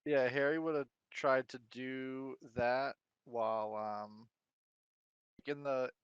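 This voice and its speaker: A man's voice: medium pitch, steady tone, takes it slowly, smooth, no echo. A man playing a tabletop game, hesitant and thinking aloud. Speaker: player. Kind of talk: casual chat. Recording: dull lo-fi mic.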